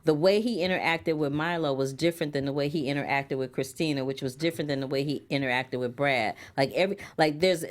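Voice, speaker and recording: Woman, low voice, casual co-host chat, animated reactions. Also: quick pace, few pauses.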